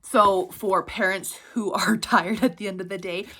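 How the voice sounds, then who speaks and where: A woman's voice: mid-range voice, fairly even intonation, moderate pace, sharp tone. A woman in her thirties chatting casually about her favorite picture books, bubbly and laughing often between sentences. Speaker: picture book reviewer. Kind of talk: casual book recommendations.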